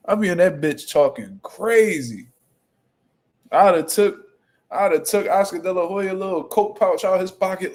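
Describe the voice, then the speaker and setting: Profane, fast-talking Philly man. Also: high voice. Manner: profane, animated trash talk. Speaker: boxing commentary host. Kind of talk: casual reaction commentary.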